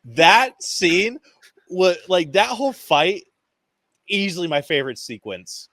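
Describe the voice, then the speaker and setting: A man co-hosting a podcast in casual movie review chat. He is excitable, swears freely and acts out scenes in quick quoted voices. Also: high-pitched, no room sound. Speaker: podcast co-host.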